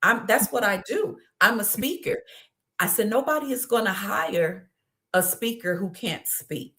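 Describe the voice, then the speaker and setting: A woman's voice: medium pitch, normal speed. A middle-aged woman, a guest speaker, telling her story in an interview with heartfelt, building energy. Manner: heartfelt storytelling, rising with excitement. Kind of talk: conversational interview.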